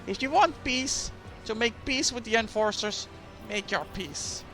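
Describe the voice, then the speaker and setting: A man's voice: very high voice, lively intonation, unhurried, fairly bright tone, soft background music, voice pushed up, full character voice. A man voicing a stubborn old woman in a game who grudgingly backs down. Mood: indignant. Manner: indignant, grudging.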